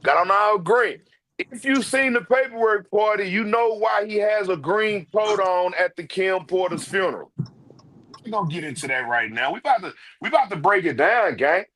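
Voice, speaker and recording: A man's voice: high-pitched, animated, normal speed, fairly bright tone, a little hiss or hum. A man giving casual ranting commentary, brash and profane, calling people out directly. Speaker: online commentator.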